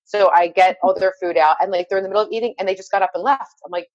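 A woman's voice: mid-range voice, fairly even intonation, rapid-fire, no room sound, muffled recording. A woman in her thirties, a mother of three boys, chatting casually and telling rambling, self-deprecating stories. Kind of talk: casual chat.

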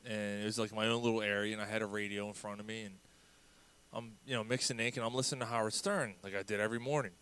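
A man telling a story in casual conversation, halting and repeating words as he goes. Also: fairly low pitch, steady tone, sharp tone, clean tone.

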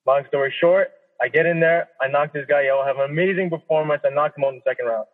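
A man's voice: on the high side, quick pace. Swearing man on a tinny phone line. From Canada. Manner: profane, animated storytelling with quoted inner speech. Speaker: professional boxer, guest. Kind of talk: casual interview storytelling. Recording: tinny phone-line audio with long reverb.

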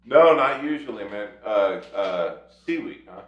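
Casting: a blunt, profane male podcast guest with a lively voice, recorded in a roomy space. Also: lowish voice, unhurried, dull audio. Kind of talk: casual chat.

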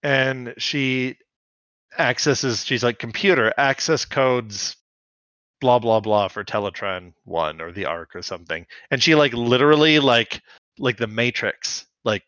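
A man's voice: mid-range voice, animated, measured pace, a bit bright, dry recording, highs cut off. A man co-hosting a podcast, recapping a cartoon in chatty casual talk full of fillers. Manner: chatty, filler-heavy, laughs often. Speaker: podcast co-host.

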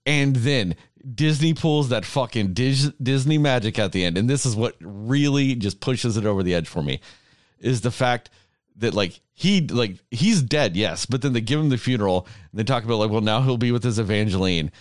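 Male co-host, worked-up and emotional, profane rant with laughs breaking in; lively pitch, dry mic. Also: moderate pace, no room sound. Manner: heavy swearing, worked-up ranting; emotional, laughs between words. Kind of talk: casual chat.

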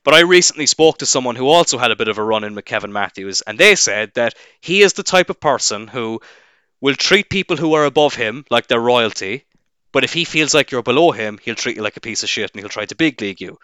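Bright, crisp-voiced Irish guy ranting. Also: medium pitch, expressive, quick pace, dry recording, clean studio sound. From Ireland. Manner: profane, sarcastic ranting. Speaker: wrestling referee. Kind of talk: casual rant to camera.

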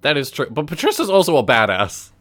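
A man's voice: a little high, huge pitch swings, brisk, fairly bright tone, faint music behind. A man playing a tabletop role-playing game, talking casually and swearing now and then. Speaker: player.

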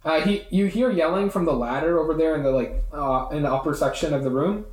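A man's voice: on the high side, fast. A man running a tabletop game as game master, rambling through his narration with many fillers. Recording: echoey room.

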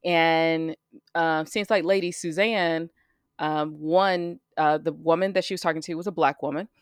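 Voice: mid-range voice, steady tone, a little slow, clear, resonant tone, no echo. Chatty, dry-sounding podcast co-host. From United States. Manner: chatty, trails off and restarts. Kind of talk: casual chat.

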